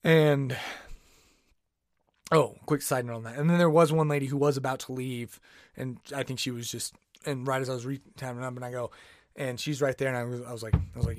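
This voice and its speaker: Recorded dry and clean on a podcast microphone in the studio, a man with a mid-range voice talks fairly quickly with fairly even intonation. Hosting his own podcast solo, he rants casually in a rambling, exasperated way, laughing and restarting frequently.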